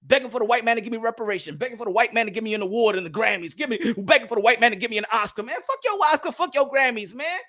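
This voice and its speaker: A man's voice: very high voice, very fast, hardly any pauses, bright, forceful tone. A man, hosting a boxing show and ranting in a profane, slangy way that keeps repeating itself. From New York. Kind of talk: heated livestream rant.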